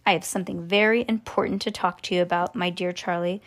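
A woman voicing an eccentric, cheerful candy-maker man in a storybook reading, brisk and theatrical. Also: fairly low pitch, steady tone, voice pushed down, lightly acted. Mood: breezy.

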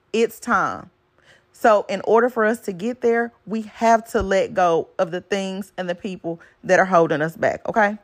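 In this casual podcast monologue, a woman hosting the show delivers motivational talk directly to her audience in a mid-range voice. Her advice is blunt, preachy, and laced with profanity, and she keeps punctuating points with a repeated "okay?"

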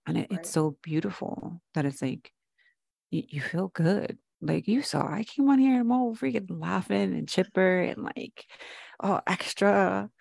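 A woman co-hosting a casual podcast, talking in an expressive, animated way and swearing casually. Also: on the low side, normal speed, gravelly, dry recording, clean studio sound. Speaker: podcast co-host.

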